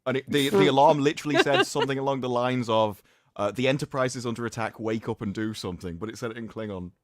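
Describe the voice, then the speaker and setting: A man's voice: medium pitch, fast, dry recording, clean studio sound. A British man co-hosting a casual chat, making wry joking asides. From Britain. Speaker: co-host.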